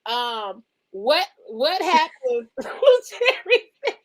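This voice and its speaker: A woman chats in a relaxed, playful way and laughs often. Her voice sits high. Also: drawn-out words, low-quality recording. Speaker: guest. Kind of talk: casual chat.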